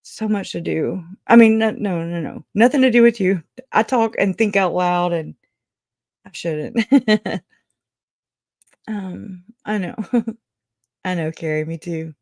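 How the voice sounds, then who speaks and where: A woman's voice: on the low side, slow, long pauses, darkish tone, no room sound, studio quality. A woman hosting a true crime livestream, rambling, laughing often and teary as she chats. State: crying. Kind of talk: emotional livestream chat.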